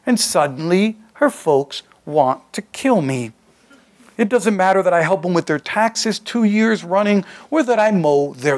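A man reads his own fiction aloud in a loose, conversational first-person voice. The delivery is streetwise and unpolished, like someone talking to his friends. His voice sits a touch high for a man. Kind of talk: live reading of a short story.

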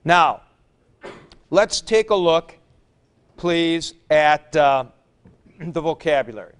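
Slow, clear-voiced male teacher. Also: fairly high pitch, animated. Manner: patient, explains step by step, repeats forms aloud. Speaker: Greek teacher. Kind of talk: classroom lecture. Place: classroom with a board.

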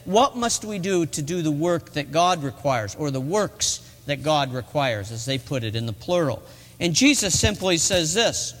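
High-voiced middle-aged man preaching in a reverberant hall. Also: normal speed, fairly bright tone. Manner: earnest storytelling, rising to emphatic peaks. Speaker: pastor. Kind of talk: sermon. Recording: long reverb of a large hall.

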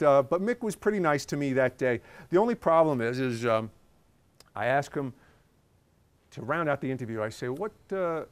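Man, journalist, casual storytelling, smooth resonant voice, chatty with filler words. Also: medium pitch. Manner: chatty, with many ums and uhs. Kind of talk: casual anecdote telling.

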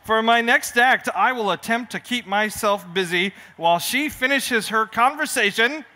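A man's voice: very high-pitched, moderate pace, pushed and bright. A man reading his picture book aloud on a festival stage, joking with the family audience like a showman. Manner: playful, showman-like banter with the crowd. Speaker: children's author.

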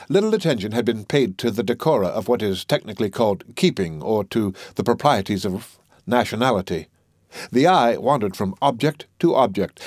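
A man narrating a classic story in a measured audiobook reading. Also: medium pitch, darkish tone, dry recording, studio quality.

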